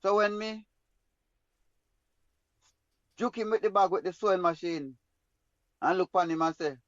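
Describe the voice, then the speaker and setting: A man's voice: fairly high pitch, dry recording, lo-fi sound. A man with a Jamaican accent telling a personal story in an emphatic, rambling way in patois. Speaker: guest storyteller.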